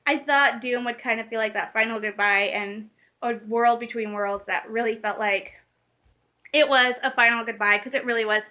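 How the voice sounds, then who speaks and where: A young woman vlogging in a casual, gushing way, talking fast and emotionally. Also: on the high side, steady tone, sharp tone. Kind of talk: excited casual fan vlog.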